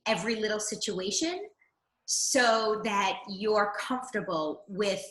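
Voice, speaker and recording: A woman's voice: medium pitch, moderate pace, fairly bright tone, reverberant, poor audio. A woman co-hosting a talk show, reflectively giving advice in casual chat. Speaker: co-host.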